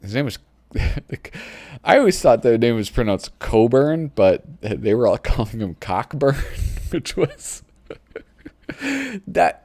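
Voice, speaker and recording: A man's voice: mid-range voice, mellow, no echo, clean studio sound. Giggly man leafing through a magazine. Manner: chatty, giggly, easily sidetracked. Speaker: host. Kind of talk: casual commentary while flipping through a magazine. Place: home computer desk.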